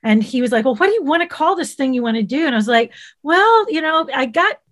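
A middle-aged woman with a warm Southern US accent tells her story in a casual interview. Her voice sits a bit high, and she talks in a lively, animated way. She slips into quick impressions of the people she quotes. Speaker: guest, children's TV creator.

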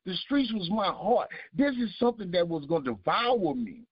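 A man's voice: sits high, very animated, moderate pace, slightly rough, no echo. A man, giving earnest testimony with a preaching cadence, repeating his key phrases. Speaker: guest. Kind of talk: emotional testimony. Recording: dull lo-fi sound.

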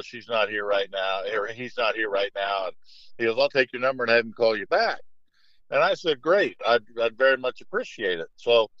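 A man's voice: mid-range voice, no echo. A middle-aged man, a basketball coach, telling anecdotes in a casual interview, rambling with many fillers and restarts. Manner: rambling, lots of "you know" and restarts; lively when quoting others in anecdotes. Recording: dull lo-fi dry sound.

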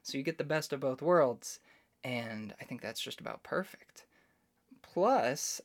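Male solo podcast host, casual and opinionated, talks things through at length. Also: medium pitch. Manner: chatty, opinionated, explains at length.

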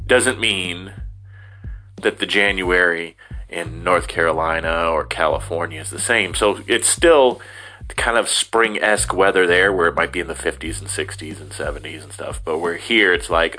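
A man's voice: low voice, normal speed, pushed and bright. A middle-aged man from Ohio rambling in a casual, self-deprecating monologue, slipping into silly voices as he talks. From Ohio, USA. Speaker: vlogger.

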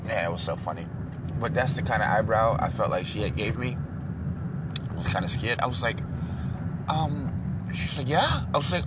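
Lively man vlogging by loud traffic. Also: lowish voice, moderate pace, long pauses. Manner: storytelling, acts out quoted voices, animated. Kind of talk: casual chat to camera. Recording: loud traffic noise outdoors.

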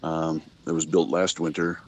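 A man as a podcast guest talking casually about his hobby, laid-back and halting with many fillers. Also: rumbling low, flat delivery, low-quality recording. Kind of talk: casual chat.

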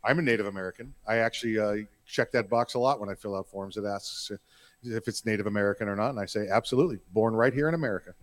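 A man's voice: fairly low pitch, steady tone, quick pace. A man co-hosting a casual podcast, joking around and hesitating with many fillers. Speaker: podcast co-host.

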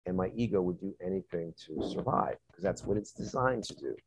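A man telling a story in conversation, profane and animated, acting out scenes as he goes. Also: sits low, brisk, breathy edge, poor audio.

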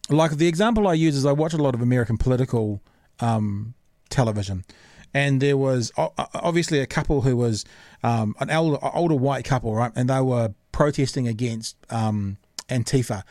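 A man hosting a casual podcast lays out his views in an earnest, opinionated way, thinking aloud as he goes. His voice is of middling pitch and sounds dry and close, with no room echo. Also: moderate pace, mellow. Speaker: podcast host.

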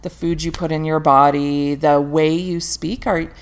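A woman's voice: low voice, steady tone, measured pace, smooth. A woman guest in casual podcast chat, talking candidly with frequent laughter and the odd swear word.

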